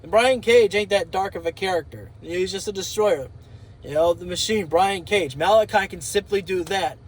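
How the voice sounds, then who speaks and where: A man's voice: sits high, moderate pace, a little hiss or hum, poor audio. A man talking casually in an opinion vlog, rambling and thinking aloud with fillers. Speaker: wrestling commentator.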